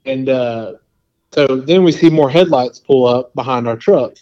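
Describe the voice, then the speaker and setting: A man's voice: mid-range voice, a little slow, lo-fi sound. Rambling man telling a hunting story. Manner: rambling and animated, full of "like" and quoted asides. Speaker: podcast guest. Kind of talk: casual storytelling.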